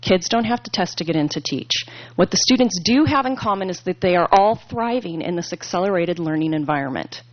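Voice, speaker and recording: A woman reading a prepared statement at a school board meeting in an earnest, measured, persuasive way. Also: fairly low pitch, animated, no echo. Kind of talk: prepared public comment read aloud. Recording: dry, dull lo-fi meeting recording.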